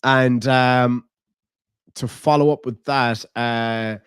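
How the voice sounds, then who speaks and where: A medium-pitched, resonant male voice comes through clear and slow with a steady tone, in a dry, clean studio recording. He's an Irish live-stream host reading chat, responding in a blunt, casual, profane manner and laughing often.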